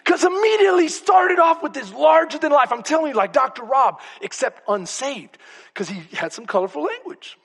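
A Texan male pastor telling a story in his sermon, animated and conversational, swinging between loud bursts and hushed asides. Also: very high-pitched, normal speed, vocal fry. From Texas. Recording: long reverb of a church hall.

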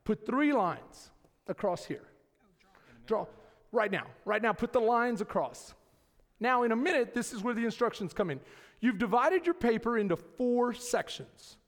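The long reverb of a large hall surrounds a middle-aged man preaching as pastor in a church sanctuary full of congregants. His voice is very high-pitched, his pace measured, and he tells stories animatedly while calling out to the congregation.

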